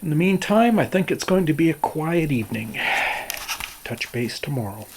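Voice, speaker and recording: A man narrating a casual vlog at his small off-grid cabin, talking slowly and plainly to himself with sighs and asides. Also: on the high side, big pitch swings, background noise. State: out of breath. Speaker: cabin owner filming his visit.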